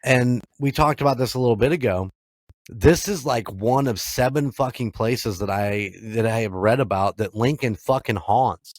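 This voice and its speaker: A man's voice: mid-range voice, moderate pace, no room sound. A man co-hosting a paranormal podcast in casual chat, rambling and swearing freely, laughing often. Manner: profane, laughing, rambling storyteller. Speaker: podcast co-host.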